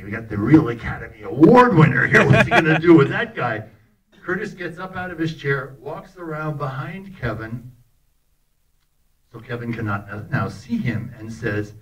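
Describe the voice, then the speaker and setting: An older actor telling anecdotes to a festival audience in an animated, laughing way, often acting out the lines he quotes. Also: medium pitch. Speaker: actor telling stories about a film. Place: festival talk in a hall. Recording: voice picked up from a distance.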